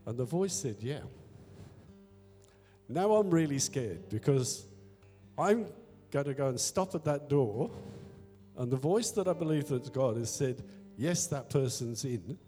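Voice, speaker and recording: A man in a church hall shares a candid, self-deprecating testimony, acting out his own inner conversations as he goes. His voice is mellow and dark, carrying with a long reverb through the room while soft music plays faintly underneath. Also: medium pitch, expressive, a little slow. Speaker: church elder. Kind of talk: personal testimony in a church service.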